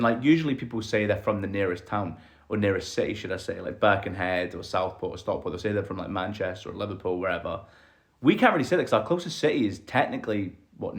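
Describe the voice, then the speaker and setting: A man's voice: fairly low pitch, lively intonation, fast. A young man from Corby in England with a hybrid Scottish-English Corby accent, talking casually to camera in a chatty, reflective way. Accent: Corby, Scottish-tinged English. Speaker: vlogger.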